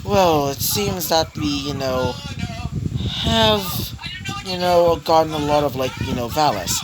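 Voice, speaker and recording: A man voicing a calm, practical male warrior companion, reading slowly and haltingly with fillers. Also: a little high, natural voice, poor audio. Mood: suggesting.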